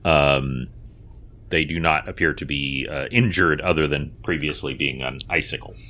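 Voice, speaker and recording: A man narrating as game master in a measured way with fillers and asides. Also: rumbling low, fairly even intonation, sharp tone.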